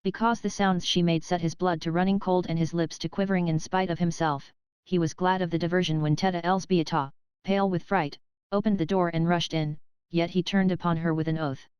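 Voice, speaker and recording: A woman narrating a classic novel as an audiobook in a steady, measured storytelling manner. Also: on the low side, clear, resonant tone, dry recording, poor audio.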